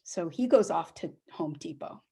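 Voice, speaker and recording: A middle-aged woman telling a personal story on a live stage, animated and acting out the people she quotes. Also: normal speed, creaky, breathy edge. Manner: animated, acts out quoted voices with big pitch jumps.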